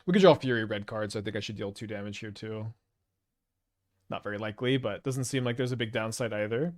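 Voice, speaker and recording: A man's voice: fairly low pitch, quick pace. A man with a Canadian accent giving casual, rambling game commentary, thinking aloud with hesitant restarts. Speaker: gameplay commentator.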